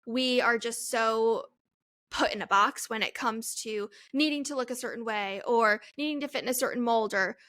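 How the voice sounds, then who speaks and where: Bright chatty young woman podcaster. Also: a little high, moderate pace. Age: 20s. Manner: chatty, rambling, laughs at herself. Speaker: podcast host. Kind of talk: solo Q&A podcast chat. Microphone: headphones, studio-style mic.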